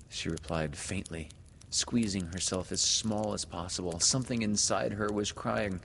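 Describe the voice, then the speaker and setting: A man narrating a storybook in an unhurried, expressive manner. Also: low voice. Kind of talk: audiobook narration. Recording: reverberant room, faint hiss.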